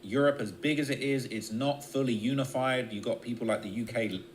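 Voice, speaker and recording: A man's voice: brisk, slight background noise. A man streaming live, giving blunt, profane political commentary and checking in with his viewers after almost every point. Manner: blunt and profane, keeps checking in with "all right?" and "okay?"; shifts between low muttering and raised, emphatic bursts. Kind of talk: casual political commentary on a livestream.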